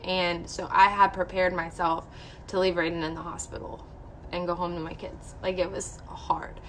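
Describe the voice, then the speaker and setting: A woman's voice: on the low side, flat delivery, normal speed, a bit bright, a little hiss or hum. A young woman vlogger candidly telling a personal story to her viewers, emotional and full of "like". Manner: candid, emotional, heavy use of "like".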